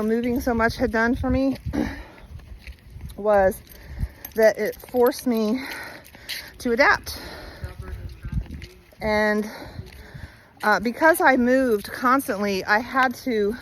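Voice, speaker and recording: A woman at a middle pitch tells her own life story in an open, rambling, conversational way. She fills gaps with ums and laughs easily. A faint noise sits behind her on an outdoor phone recording. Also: rough recording. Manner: chatty, candid, laughs easily, many fillers. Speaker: vlogger. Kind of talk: casual personal storytelling. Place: outdoors walking her dog.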